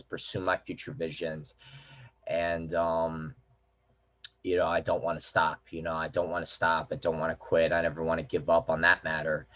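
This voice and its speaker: A young man talking to his viewers in a casual, rambling vlog, repeating himself and filling pauses with "um" and "you know.". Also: deep voice, a bit bright. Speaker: vlogger.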